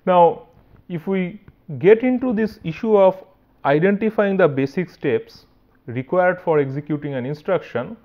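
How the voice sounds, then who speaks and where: A male university lecturer with an Indian English accent and a voice a little high for a man explains technical material step by step. He often pauses to ask "right?" and restarts frequently, and the recording sounds dull and lo-fi.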